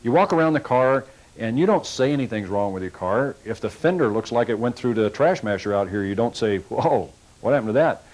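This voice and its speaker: Guy running a car sales training, folksy and coachy, acts out little bits with customers, middle pitch. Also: animated, brisk, darkish tone, poor audio.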